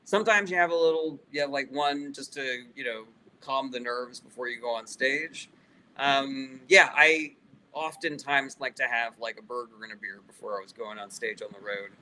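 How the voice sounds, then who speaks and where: A man's voice: medium pitch, normal speed, pushed and bright, a little hiss or hum, low-quality recording. A male comedian casually answering live chat questions, loose and profane, reading each question aloud before he answers.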